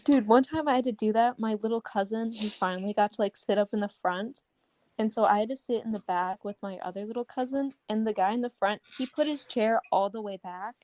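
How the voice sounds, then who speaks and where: A teenage girl joins a casual podcast chat with friends. She is wry and quick with a comeback. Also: medium pitch, darkish tone, a little hiss or hum, low-quality recording. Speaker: podcast co-host.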